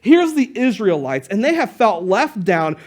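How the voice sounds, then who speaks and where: A man's voice: high voice, sing-song, unhurried, darkish tone. A male pastor preaching a sermon to his church in a casual, conversational way, retelling stories with playful asides.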